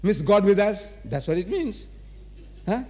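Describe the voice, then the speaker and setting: Male lecturer, teasing and rhetorical with a live crowd, voice pitched a bit high. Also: very animated, measured pace. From South Africa. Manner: rhetorical, quizzes and teases the audience. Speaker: religious lecturer. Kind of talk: religious lecture to a live audience. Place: large auditorium.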